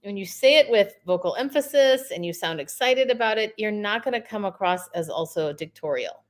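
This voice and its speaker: A woman in her fifties, a communication coach, speaking as a podcast guest in an emphatic, energetic way with spoken examples. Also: medium pitch, brisk. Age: 50s.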